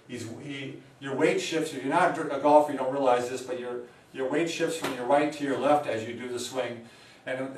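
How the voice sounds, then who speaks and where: A man's voice: medium pitch, a little hiss or hum. A man, a physical therapist, explaining knee rehab in a casual, conversational way with filler words. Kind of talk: casual instructional talk. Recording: roomy sound, mic at a distance.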